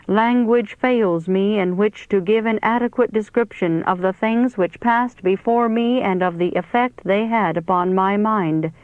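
A woman reading a religious text aloud in a measured, solemn narration. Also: mid-range voice, no echo. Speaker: reader. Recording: tinny phone-like dry recording.

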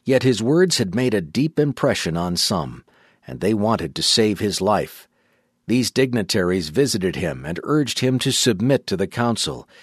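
A man giving a measured, solemn audiobook narration. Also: fairly low pitch, sing-song, breathy edge, dry recording, clean studio sound.

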